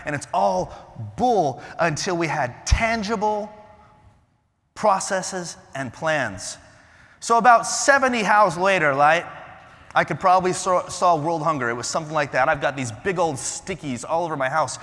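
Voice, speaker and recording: A bright, forceful male voice pitched a touch high, delivering a lively keynote on a conference stage. He fires questions at the crowd, then drops to a near hush. The sound rings with the long reverb of a large hall. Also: a little slow. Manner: animated, quizzes the crowd, swings from loud to hushed. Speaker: motivational conference speaker. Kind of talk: energetic keynote talk to a live audience.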